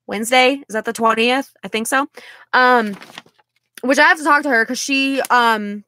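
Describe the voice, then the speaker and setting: A woman's voice: fairly high pitch, bright, forceful tone, no room sound, studio quality. A young woman rambling in a casual vlog, exasperated and sighing as she talks. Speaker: vlogger.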